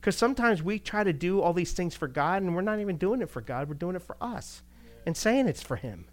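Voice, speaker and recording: Animated male pastor preaching conversationally. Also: sits high, brisk. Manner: animated, rhetorical questions, chuckles. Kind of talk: conversational sermon.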